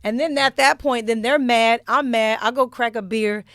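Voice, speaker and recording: A woman guest on a podcast, telling stories in blunt, profane, animated casual chat in a studio. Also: on the high side, moderate pace, no room sound.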